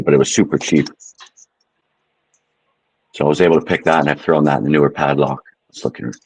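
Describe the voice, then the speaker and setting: Husky, very deep-voiced man from Canada. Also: poor audio. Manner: rambling, easygoing, thinks aloud. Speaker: stream guest. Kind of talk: casual chat.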